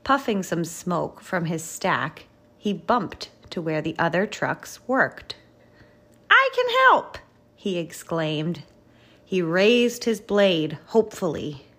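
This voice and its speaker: A woman reading a picture book aloud to a child, gentle, expressive and encouraging. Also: fairly low pitch, takes it slowly. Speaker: storybook reader.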